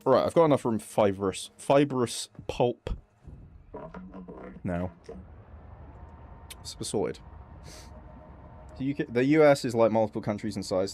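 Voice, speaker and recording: A man's voice: normal speed, pauses often. A young man chatting casually and swearing freely while streaming a game. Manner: chatty, swears casually, animated jumps in pitch. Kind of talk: casual gaming stream chat.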